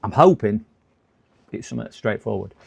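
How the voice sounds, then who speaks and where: A man's voice: lowish voice, animated, moderate pace, vocal fry, a little mellow, breathy edge. A man, chatting casually on a live stream while repairing computers, rambling and laughing to himself.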